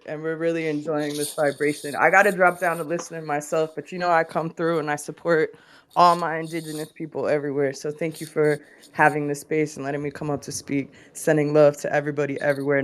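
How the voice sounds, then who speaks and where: Woman guest, low voice, upbeat sign-off. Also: flat delivery, a little fast. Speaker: audience speaker. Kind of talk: casual live audio chat.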